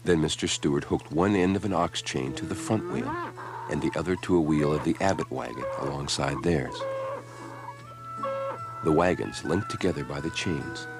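A man reading a children's storybook aloud in an expressive, unhurried way. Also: a bass voice. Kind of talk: read-aloud storybook narration. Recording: background music.

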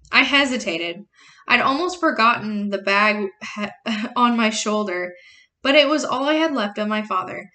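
Slow, bright-voiced woman reading aloud. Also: medium pitch, lively intonation. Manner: slow, plain reading with self-corrections and brief explanations. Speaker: teacher reading a novel aloud. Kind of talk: reading a chapter aloud with asides.

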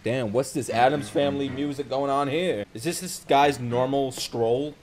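A man hosting an anime reaction video, talking excitedly in profane, joking asides as he watches. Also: mid-range voice, moderate pace, faint music behind. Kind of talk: live reaction commentary. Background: faint anime soundtrack.

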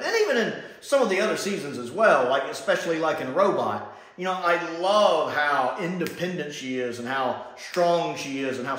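Excited guy reviewing an episode, laughing a lot, really echoey room. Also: medium pitch. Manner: enthusiastic, laughs often. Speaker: TV show reviewer. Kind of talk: casual solo review vlog.

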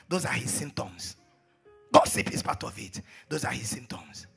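A man preaching a sermon, repeating phrases and swinging between hushed asides and shouted exhortations. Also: mid-range voice, lively intonation, moderate pace, vocal fry, husky, faint music behind.

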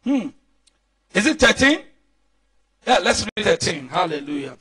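A Nigerian pastor preaching a fervent sermon, often shouting and calling on the congregation to answer back. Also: male voice, high-pitched, sing-song, measured pace, pauses often, heavy background noise.

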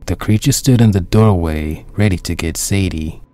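A man reading his own dark pony fan story aloud as the narrator, in a steady, plain storytelling manner. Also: low-pitched, moderate pace.

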